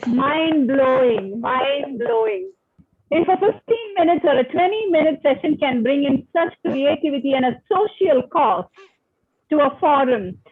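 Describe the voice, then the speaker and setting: A woman's voice: high-pitched, husky. A woman hosting an online club session, effusive in her praise and repeating phrases. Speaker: session host. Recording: tinny phone-like video call.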